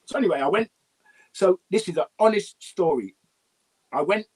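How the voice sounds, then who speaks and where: A man telling animated anecdotes as an interview guest, often laughing and breaking into song. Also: high voice, normal speed, husky.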